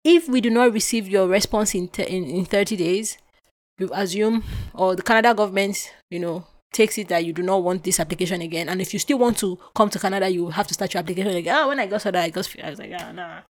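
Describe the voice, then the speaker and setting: A young Nigerian woman hosting a podcast tells a personal story fast, with animation and emotion, switching voices to act out each exchange. Her middle-pitched voice swings from loud bursts to quiet drops.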